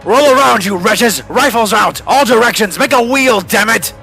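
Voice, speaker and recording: A man's voice: high-pitched, lively intonation, vocal fry, sharp tone, soft background music, pitched above the performer's own voice, exaggerated voice. A man voicing a harsh male army sergeant who barks orders, curses and hurries his squad along in a fan audiobook. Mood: shouting orders. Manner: bellowing, cursing, hurried.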